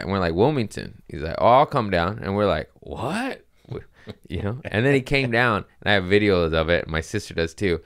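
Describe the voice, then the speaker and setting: A man's voice: deep voice, fairly bright tone, smooth. A man hosting a podcast, telling rambling stories in a laid-back way, with swearing. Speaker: podcast host, comedian. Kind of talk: casual storytelling chat.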